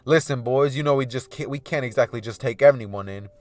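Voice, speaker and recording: A man voicing a brash scoundrel gang leader in a narrated fan story, loud and boisterous. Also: mid-range voice, fast, close to an everyday voice. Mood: boastful.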